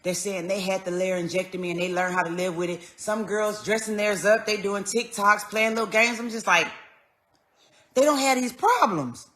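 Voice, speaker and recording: A woman tells a personal story straight to the camera. Her voice has a bright, forward edge, and her pitch sits in the middle. She speaks earnestly and conversationally, dropping quiet and then lifting as she retells what was said. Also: moderate pace. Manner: earnest, conversational, swings between quiet and raised when retelling. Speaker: vlogger.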